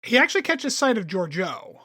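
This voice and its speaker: A woman weighs in on a TV episode in a casual podcast chat. Her pitch swings widely as she argues her points, cursing casually and slipping into short voiced quotes. The recording is close and dry with no room sound. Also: husky, dry recording. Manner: animated, opinionated, swears freely, acts out quick quotes. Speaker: podcast co-host and commentator.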